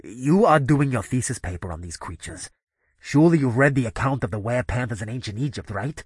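A grave middle-aged professor of the paranormal, voiced by a man in an audio drama, speaking in a husky, slightly breathy voice. He talks in a measured, insistent way, as if pleading for caution. The recording is dry and close. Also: medium pitch, expressive, dry recording.

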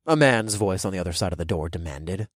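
A man narrating a first-person story as an audiobook, reading in an expressive, animated way. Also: low voice, quick pace, no room sound, clean studio sound.

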